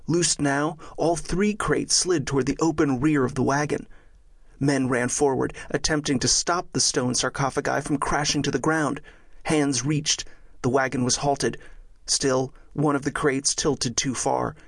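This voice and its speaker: Male audiobook narrator, gravelly, mid pitch, measured thriller reading, dry close sound. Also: dry recording. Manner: measured, steady storytelling.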